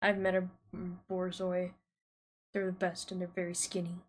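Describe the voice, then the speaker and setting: A woman's voice: on the low side, monotone, moderate pace. A woman with a thick American Southern accent, chatting casually with rambling asides while streaming a game.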